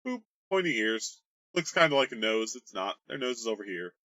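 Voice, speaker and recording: Game master guy riffing on his world lore, bright animated voice, dry close sound. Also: lowish voice, a little fast, no room sound. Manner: rambling, jokey, crude humor. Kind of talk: casual worldbuilding explainer.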